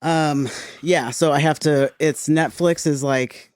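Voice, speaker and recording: A man's voice: on the high side, fairly even intonation, takes it slowly, no room sound. Man, podcast guest, casual chat, easygoing, laughs often, dry close sound.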